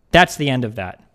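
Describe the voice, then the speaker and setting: A man streaming a heated rebuttal, talking fast and emphatically with frequent swearing. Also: on the high side, a bit bright, a little hiss or hum.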